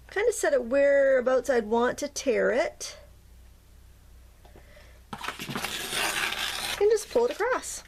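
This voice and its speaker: A woman with a slightly high voice talks through a stamping demonstration at her desk. Her delivery is chatty and gentle. She gushes warmly whenever a piece turns out cute. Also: slight background noise. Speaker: craft tutorial host. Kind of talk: casual step-by-step demonstration.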